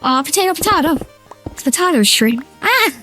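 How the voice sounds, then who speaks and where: A man streaming a game through a feminine voice changer, chatting excitably with his chat, squealing and giggling. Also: very high voice, moderate pace, soft background music, voice pushed up. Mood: playful. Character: high feminine streamer voice, playful. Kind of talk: casual live-stream chat while gaming.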